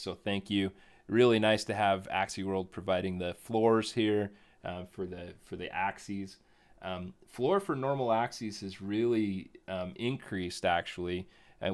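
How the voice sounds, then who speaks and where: A man co-hosting a live stream in casual chat, rambling and correcting himself, often chuckling. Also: low voice. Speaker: co-host of a crypto game stream.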